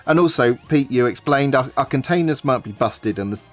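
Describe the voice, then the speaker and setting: With faint music playing behind him, a man co-hosts a developer livestream in a relaxed, unhurried way, chuckling as he goes. His voice is medium in pitch with lively intonation.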